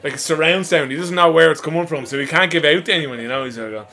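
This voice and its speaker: Man, bright casual chatter. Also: a little high, fast, faint music behind. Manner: chiming in, agreeing, swearing. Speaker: podcast co-host. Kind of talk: casual chat.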